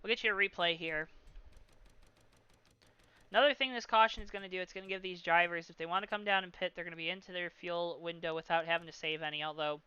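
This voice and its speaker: A man calling a simulated stock car race as play-by-play commentator, lively with joking asides. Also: sits high, quick pace, smooth, no echo, highs cut off. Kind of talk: sim racing commentary.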